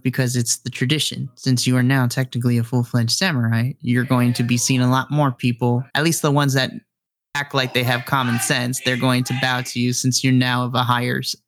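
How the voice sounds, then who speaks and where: A man's voice: medium pitch, flat delivery, normal speed, fairly bright tone, a little hiss or hum. A man narrating a tabletop role-playing game as game master, describing scenes and explaining the setting.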